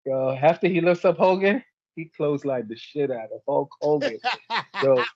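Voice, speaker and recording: A man's voice: fairly high pitch, normal speed, no echo, highs cut off. A man co-hosting a podcast, telling stories in casual chat and acting out the voices of the people in them. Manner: animated storyteller acting out quotes. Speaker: podcast co-host.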